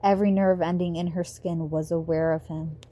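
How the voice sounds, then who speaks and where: Woman narrator, amateur audiobook read on a phone, lowish mellow voice. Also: flat delivery, brisk.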